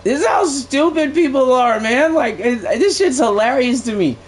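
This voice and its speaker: A man's voice: very high voice, expressive, normal speed. A young man streaming a game live, giving blunt, profane play-by-play commentary that swings into aggravation. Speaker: gaming streamer.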